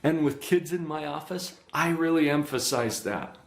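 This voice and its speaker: A man's voice: fairly high pitch, expressive, moderate pace. A middle-aged man giving a parenting workshop lecture, earnest and teacherly, often checking that his listeners follow. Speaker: workshop presenter, psychologist. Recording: echoey room.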